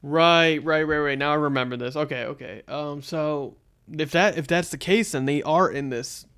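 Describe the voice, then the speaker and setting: A man's voice: on the high side, normal speed, fairly bright tone, clear, resonant tone. A young man co-hosting a casual podcast, rambling with lots of fillers and restarts. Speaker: podcast co-host. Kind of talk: casual chat.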